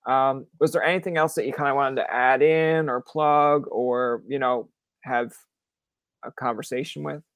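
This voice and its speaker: A man's voice: medium pitch, fairly even intonation, moderate pace, smooth, dry recording. A young man from Canada hosting a podcast in casual chat, rambling with many fillers, swear words and acted-out quotes. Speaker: podcast host.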